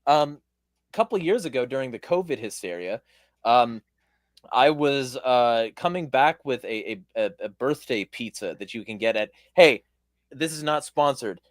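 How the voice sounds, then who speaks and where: A man with a hoarse voice, hosting a casual interview and telling a rambling, profane story with lots of fillers. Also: mid-range voice, lively intonation, normal speed, no echo, clean studio sound. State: hoarse voice from shouting. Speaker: podcast host.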